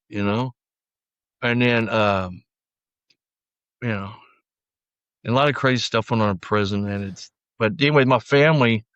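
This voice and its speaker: A man's voice: mid-range voice, a bit bright, no room sound, dull audio. A man as a podcast guest, telling his story bluntly in a rambling, casual way with lots of fillers. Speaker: podcast guest, former sheriff's deputy.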